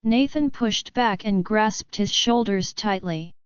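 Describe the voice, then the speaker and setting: A woman narrates a scripted story slowly and with measured drama. Her voice is very smooth and clear at a middling pitch. The recording is dry and a bit dull. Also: no echo.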